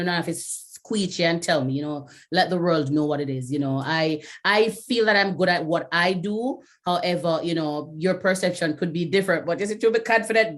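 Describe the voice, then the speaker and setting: Chatty Jamaican woman on a video call. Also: on the low side. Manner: chatty, many "you know" fillers, slips into patois. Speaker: webinar host. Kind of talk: casual chat closing a webinar.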